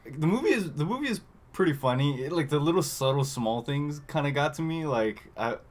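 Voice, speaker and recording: A man co-hosts a podcast, chatting casually through a movie recap while reading from notes, rambling and trailing off with many fillers. His voice is on the high side with lively intonation and a brisk pace, and there's slight background noise.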